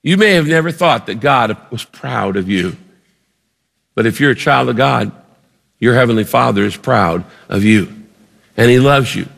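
A man's voice: mid-range voice, expressive, normal speed, gravelly, pauses often, fairly bright tone, big-room sound. A male pastor preaching a sermon, painting a vivid story for the congregation and repeating words as he builds a point.

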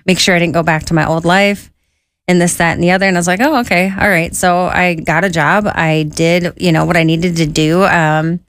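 A woman's voice: fairly low pitch, a little fast, clear, resonant tone, dry recording. A woman recounting her own life story in a conversational way, acting out the quoted voices of others. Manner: lively, quotes herself and others in an animated voice. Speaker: guest sharing her testimony.

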